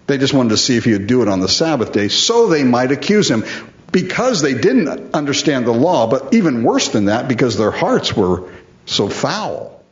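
A man's voice: medium pitch, very animated, normal speed, echoey room, muffled recording. A man preaching a sermon, emphatic and full of rhetorical questions, repeating words for stress.

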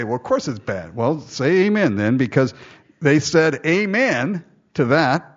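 A man's voice: mid-range voice, muffled recording. A man preaching a sermon, reading scripture aloud and breaking off into jokey, conversational asides.

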